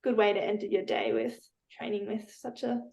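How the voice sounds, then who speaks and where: A woman's voice: medium pitch, steady tone, moderate pace, vocal fry, muffled recording. A young woman, a football player at university, giving upbeat, chatty interview answers over a video call. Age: young adult. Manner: chatty and upbeat, with many "yeah"s and "and I think"s.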